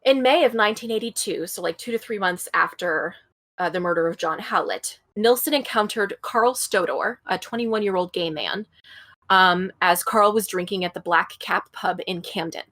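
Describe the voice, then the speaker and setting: A woman tells a true-crime story to her co-host, reading from notes in a relaxed, conversational way. She stumbles over names now and then and drops in blunt asides between the facts. Her pitch sits in an ordinary middle range. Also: normal speed. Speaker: podcast co-host.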